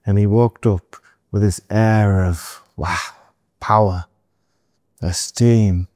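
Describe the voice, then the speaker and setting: A middle-aged man from England, telling animated stories as a guest in a podcast interview, with asides to the host. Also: lowish voice, takes it slowly, no room sound, clean studio sound. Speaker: entrepreneur guest.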